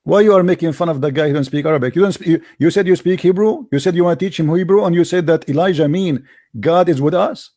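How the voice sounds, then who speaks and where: A man talks over a debate clip in a mocking, combative way, laughing often. His English is not native and his voice sits a little high. The sound is close and dry, with no room around it. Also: quick pace, dark tone, dry recording. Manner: non-native English grammar. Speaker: commentator reacting to a debate clip. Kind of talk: casual reaction commentary.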